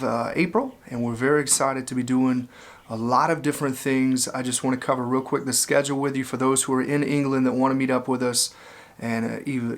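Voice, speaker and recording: A man, an evangelist, casually talking through a trip schedule in a loose, informal way with frequent fillers. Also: medium pitch. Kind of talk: casual spoken announcement.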